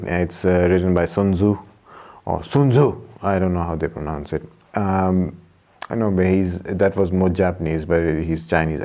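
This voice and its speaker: A young man from Pakistan chatting casually about his books in a vlog, rambling with many fillers and self-corrections. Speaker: vlogger. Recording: muffled low-fidelity audio.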